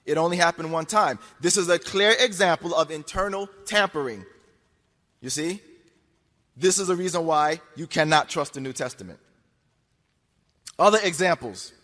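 A man's voice: a little high, moderate pace, long pauses, fairly bright tone. A man giving an argumentative lecture to an audience, insistent and repetitive, pressing his points with rhetorical questions. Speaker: speaker addressing an audience. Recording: long hall reverb.

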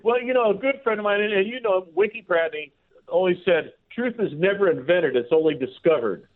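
A chatty man talks over a tinny phone line, his voice sitting a little high. He laughs often and stumbles over repeated words as he tells stories on a radio call-in. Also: animated, fairly quick. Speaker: radio guest, podcaster. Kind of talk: casual radio chat.

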